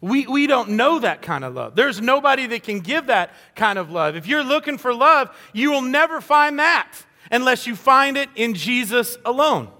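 A man's voice: very high-pitched, sing-song, normal speed, hardly any pauses, sharp tone, in a large hall. A man preaching a sermon in an earnest, conversational way, acting out little quoted voices as he goes. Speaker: pastor.

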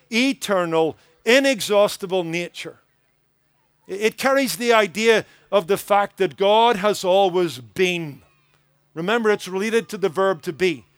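A man's voice: high-pitched, clean tone, dry recording. A man preaching a sermon as pastor, earnest and emphatic, building points through rhythmic repetition.

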